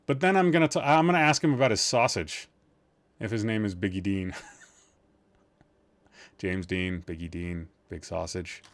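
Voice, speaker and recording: A man's voice: lowish voice, a little slow, long pauses. A man hosting a live-streamed podcast from a room at home, chatting casually, rambling and teasing his chat with jokes.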